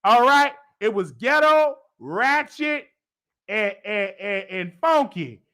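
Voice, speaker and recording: A man hosting his own show, casually recapping and reviewing a TV episode in a slangy, animated way with loud bursts. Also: high-pitched, slow.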